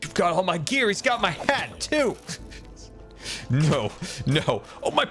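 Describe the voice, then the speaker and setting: A man giving excitable gameplay commentary, often exclaiming, laughing and talking to himself and to the creatures in the game. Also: high-pitched, slow pace, faint music behind. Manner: exclaims and laughs often, repeating panicked cries. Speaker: gaming video creator.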